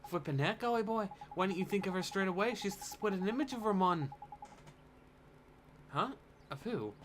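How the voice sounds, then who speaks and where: A man's voice: sits high, animated, moderate pace, a little hiss or hum, voice pushed up. A man voicing a cheeky little male fairy sidekick who talks in blustery slang. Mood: indignant.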